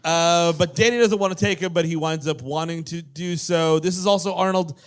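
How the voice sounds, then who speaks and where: A man's voice: on the high side, steady tone, brisk, clear, resonant tone. A man co-hosting a live comedy podcast, recapping the plot in rambling runs and laughing often. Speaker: podcast co-host. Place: comedy club stage before an audience.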